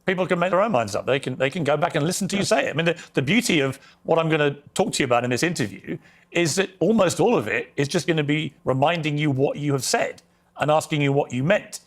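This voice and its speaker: A man's voice: fairly high pitch, animated, quick pace. A man hosting a TV interview, asking pointed, pressing follow-up questions. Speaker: TV interviewer host.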